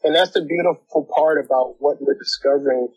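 A man with a husky, slightly high voice talks in a relaxed, conversational way. He reflects aloud, circling back over words as he works toward a point. A dry, sarcastic edge runs through his talk. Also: fairly quick, lo-fi sound. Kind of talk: casual conversation on faith.

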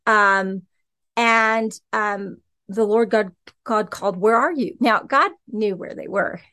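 A woman teaches scripture on her podcast in a relaxed, conversational way. She talks with animated energy and keeps checking in with her listeners. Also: mid-range voice, slow. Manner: animated, conversational, frequent "okay" and "right". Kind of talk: casual Bible teaching.

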